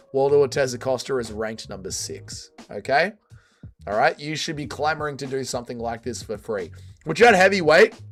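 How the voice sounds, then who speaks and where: An Australian man hosting a casual livestream, reading out chat comments with blunt, crude banter, his voice tired and sore. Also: mid-range voice. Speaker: livestream host.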